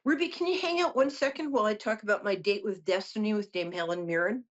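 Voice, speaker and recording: A woman's voice: mid-range voice, quick pace, highs cut off. A middle-aged woman hosting a call-in psychic show, reading tarot cards in a chatty, joking way with lots of asides. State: tired from no sleep. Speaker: psychic host.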